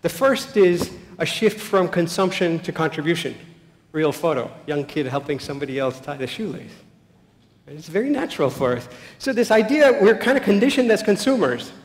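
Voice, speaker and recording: A man giving a public talk full of stories, acting out quoted voices and dropping to a soft voice at key points. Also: on the high side, normal speed. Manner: animated, anecdotal, acts out quotes, soft-spoken at key points. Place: large hall. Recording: echoey hall with long reverb.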